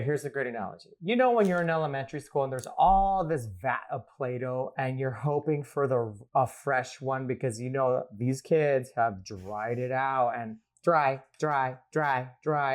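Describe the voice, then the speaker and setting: A man chats in a playful, rambling way, and his voice sits in the middle range. He laughs often as he explains things to the listener. The talk was recorded in a home. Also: medium pitch. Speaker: guest astrologer. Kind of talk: casual podcast chat.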